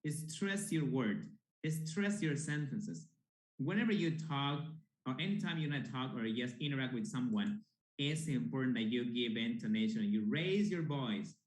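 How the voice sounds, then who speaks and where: Male teacher coaching intonation, echoey room. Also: medium pitch. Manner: slow, emphatic coaching, models intonation. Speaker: English teacher. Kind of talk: classroom lesson.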